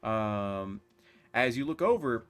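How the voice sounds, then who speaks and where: A man's voice: fairly low pitch, expressive, takes it slowly, a bit bright, smooth, faint music behind. A man running a tabletop role-playing game as game master, narrating in a casual way with lots of fillers. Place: home streaming setup.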